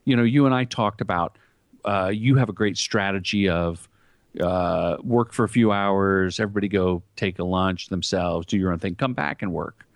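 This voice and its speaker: A middle-aged man with a fairly low voice tells stories from work in an interview. He talks in animated bursts, acting out the lines people said. The sound is dry and close, with little room to it. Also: normal speed, dry recording. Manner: animated anecdotes, acts out quoted lines. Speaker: guest, commercial director and comedian. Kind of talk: storytelling interview talk.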